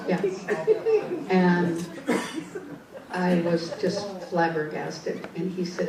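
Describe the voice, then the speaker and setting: A woman's voice: lowish voice, flat delivery, very slow, long pauses, crowd noise. A woman giving a storytelling talk to an audience as a psychic speaker, chatting freely with frequent asides and restarts. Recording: distant echoey hall mic.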